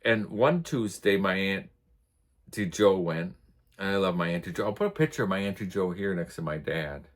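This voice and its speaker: Speaking in a low, sing-song voice at an ordinary speed, an American man runs a casual vlog. He wanders through chatty stories and chuckles as he talks.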